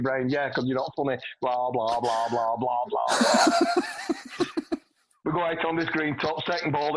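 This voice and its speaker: A man's voice: a little high, muffled recording. A middle-aged man, rambling through a sweary anecdote on a podcast and laughing as he goes. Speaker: podcast guest. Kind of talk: casual chat, anecdote telling.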